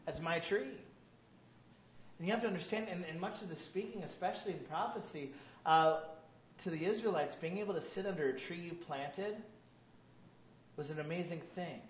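A man's voice: on the high side, normal speed, long pauses, slight background noise. A man preaching a sermon as a pastor, joking and acting out little scenes with quoted voices. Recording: roomy, dull lo-fi sound.

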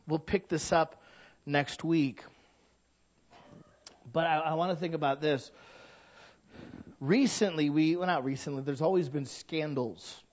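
A man's voice: on the high side, lo-fi sound. A man preaching a sermon in a conversational way, asking rhetorical questions and building to emphatic peaks. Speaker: pastor.

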